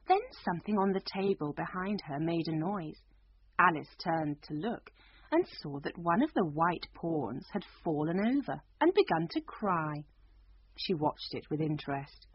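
A woman narrating a storybook aloud in an expressive, sing-song reading voice. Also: low-pitched, measured pace, breathy edge. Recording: dull lo-fi recording.

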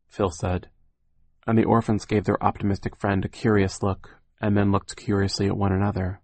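A man's voice: fairly low pitch, level tone, normal speed, darkish tone, no room sound. A man narrating an audiobook in a wry, mournful storytelling manner.

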